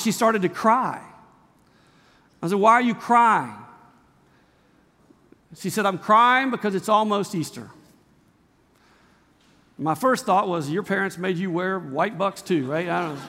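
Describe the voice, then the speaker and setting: A man's voice: sits high, fairly bright tone, in a large hall. A male pastor preaching a sermon, emphatic, with repeated phrases and rhetorical questions. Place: church sanctuary.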